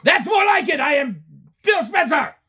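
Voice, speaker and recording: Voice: high voice, sing-song, normal speed, pushed and bright, pitched above the performer's own voice, heavily acted. A podcaster doing a comedic impression of a pompous male gaming executive who barks commands at his staff. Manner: grandiose, barking commands. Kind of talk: comedic reenactment.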